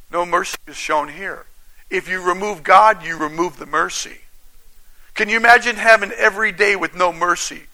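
Bright, high-voiced male preacher. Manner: calls out to the congregation with questions, reads scripture aloud with emphasis. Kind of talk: sermon.

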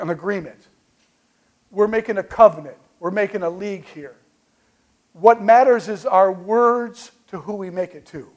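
A man preaching as pastor, telling folksy stories with call-and-response asides and swinging from quiet remarks to loud bursts. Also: very high voice. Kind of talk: sermon.

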